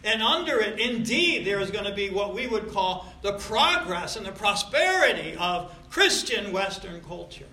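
A pastor preaching a sermon, emphatic, rising to loud stresses and dropping to quiet asides. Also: male voice, sits high, sing-song, moderate pace, hardly any pauses. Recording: roomy echo.

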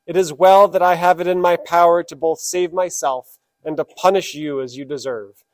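A man's voice: fairly high pitch, steady tone, normal speed, dry recording, close to an everyday voice. A man voicing a mighty, righteous male turtle from a fable, speaking in solemn, stern pronouncements.

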